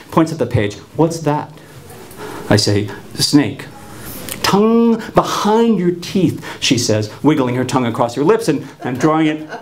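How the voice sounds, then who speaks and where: A man's voice: fairly high pitch, slight background noise. A man in his fifties from New Jersey telling a personal story wryly, with frequent stuttered restarts. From New Jersey, USA.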